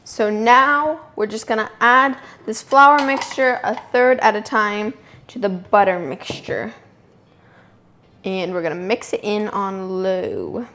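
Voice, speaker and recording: Slow and medium in pitch, this young woman's voice has a sharp tone, with a slight hiss or hum in the recording. She hosts a casual home baking tutorial, chatting away and amusing herself as she works in her kitchen.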